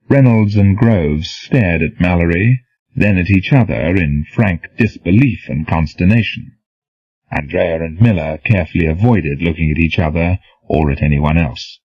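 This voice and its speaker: A man narrating an audiobook novel in a measured storytelling manner. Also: sits low, slightly rough, no echo. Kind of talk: scripted narration. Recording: dull, dry, lo-fi.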